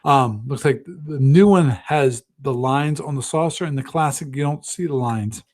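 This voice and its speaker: Hosting a gaming live stream, a man talks at a moderate pace in a medium-pitched, darkish voice. His casual chat is full of thinking aloud, frequent restarts, and self-deprecating remarks.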